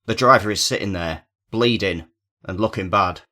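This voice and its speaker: A man narrating a first-person crime story in a steady, measured way. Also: sits low.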